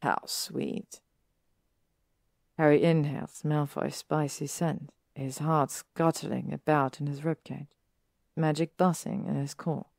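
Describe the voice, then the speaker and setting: Low, gravelly woman reading a story. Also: flat delivery, a little slow, darkish tone, dry recording, clean studio sound. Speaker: story reader. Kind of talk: reading fan fiction aloud.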